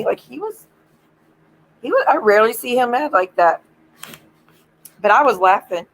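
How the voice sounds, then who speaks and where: A woman's voice: a little high, animated, moderate pace, pauses often, low-quality recording. Woman streamer, casual gossip, swears, acts out quotes, giggly. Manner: giggly, breaks into laughter. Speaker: livestream host. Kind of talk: casual chat.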